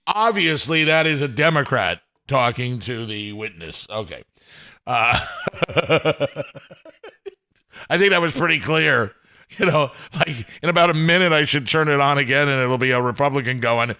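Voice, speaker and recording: Speaking from home on his own podcast, this host has a pushed, bright, mid-range voice at normal speed. He rambles with self-deprecating humor, frequently chuckling and starting his sentences over.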